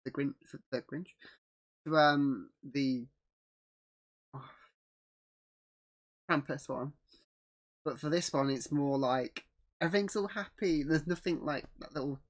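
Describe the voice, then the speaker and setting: Guy on a podcast, fairly high voice, keeps saying yeah and mm-hmm. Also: slow pace, pauses often. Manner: chimes in with short agreements. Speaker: podcast co-host. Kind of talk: casual movie review chat.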